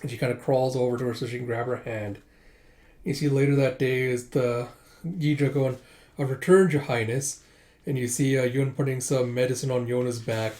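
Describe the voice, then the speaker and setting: A man's voice: medium pitch, little pitch movement, brisk, dark tone. A man casually reading through a manga volume, retelling each scene with "he's like" and "she's like.". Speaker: manga reviewer.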